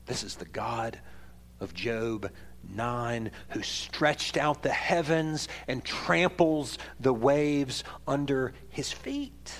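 A man preaching a sermon as pastor, swinging from loud, emphatic passages to quiet ones and raising his voice for scripture readings. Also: medium pitch, slow, a little hiss or hum. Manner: reads scripture aloud in a raised voice.

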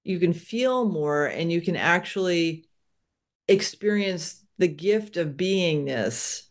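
A woman hosting a spiritual podcast, talking in a reflective, animated way about her own experiences. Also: fairly low pitch, slow. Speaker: podcast host. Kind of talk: spiritual interview talk.

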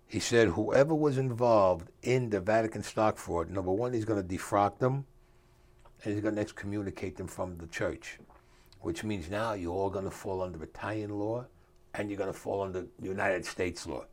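An older man telling a story as an interview guest, in a streetwise way with rough grammar, acting out the voices of the people he quotes. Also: on the low side, normal speed, a little mellow.

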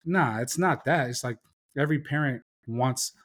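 Profane, animated storytelling man. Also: mid-range voice, moderate pace. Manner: profane storyteller who acts out quoted voices. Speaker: podcast host. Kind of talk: casual chat.

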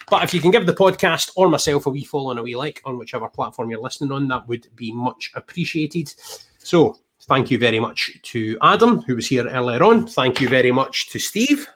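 A man's voice: mid-range voice, fairly bright tone. Chatty Scottish man hosting a podcast. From Scotland. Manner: chatty, laughs easily, teasing. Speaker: podcast host. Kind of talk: casual podcast sign-off.

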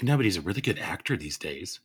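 A middle-aged man chatting casually as a podcast host, an animated storyteller who acts out quotes with big jumps in his voice. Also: low voice, fast talker, breathy edge. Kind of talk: casual chat.

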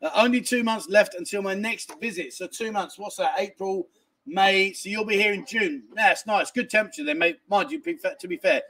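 A man's voice: high-pitched, moderate pace, pushed and bright. A man hosting a casual livestream, reading out viewer messages and rambling in a chatty way, with casual swearing and lots of restarts. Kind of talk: casual live chat. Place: a family home in a village, indoors.

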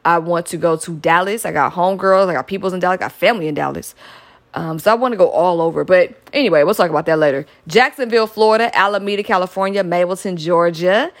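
A young woman hosting her own podcast, chatting upbeat shout-outs to listeners. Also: lowish voice, quick pace. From Metro Atlanta, US South. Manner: chatty and upbeat, with frequent "y'all" and laughs. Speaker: podcast host.

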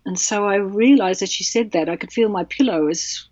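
A woman author telling a personal story in an interview, halting and emotional with many restarts. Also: mid-range voice, darkish tone, a little hiss or hum. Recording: dull, dry sound.

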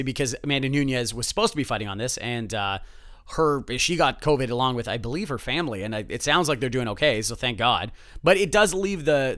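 A man hosting a solo sports betting podcast, animated and sarcastic, swinging from loud outbursts to muttered asides. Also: medium pitch, dry recording, studio quality.

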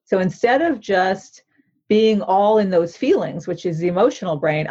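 With a low, dark, husky voice marked by vocal fry, a woman therapist who is also an author talks at normal speed during an interview. She earnestly teaches a mindfulness practice, frequently checking in with her listener, and the recording's highs are cut off.

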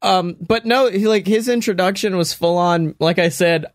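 A young man chatting about the show he created. His voice sits a little high for a man, and it sounds dry and close, with no room echo. He talks animatedly, laughs often and swears freely. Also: steady tone, normal speed, hardly any pauses. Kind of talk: casual podcast chat.

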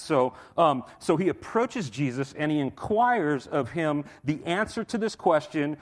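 A man's voice: a little high, lively intonation, a little slow, few pauses, fairly bright tone. A middle-aged man preaching a sermon in a casual, conversational way, repeating himself and using fillers. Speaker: pastor.

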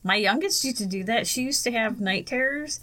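A woman co-hosting a paranormal podcast, laughing often and telling lively stories in casual chat. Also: a little high, brisk. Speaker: podcast co-host.

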